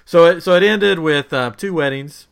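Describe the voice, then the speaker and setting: A man's voice: on the high side, normal speed, creaky, clear, resonant tone. A man co-hosting a casual podcast chat, recapping a TV episode with lots of laughter. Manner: animated, laughs often, recaps plot. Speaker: podcast co-host.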